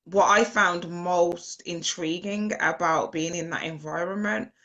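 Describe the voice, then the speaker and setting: A woman's voice: lowish voice, unhurried. A woman host sharing personal stories in a reflective casual chat. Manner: reflective, storytelling, lively quoted voices.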